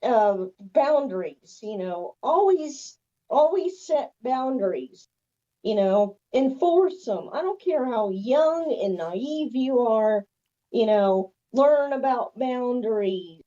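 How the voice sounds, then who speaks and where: A woman's voice: on the high side, lively intonation, takes it slowly, warm tone. A woman guest on a radio show giving emphatic advice and saying "you know" again and again. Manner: emphatic, repeats "you know" often, laughs. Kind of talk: casual advice chat. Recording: dull lo-fi sound.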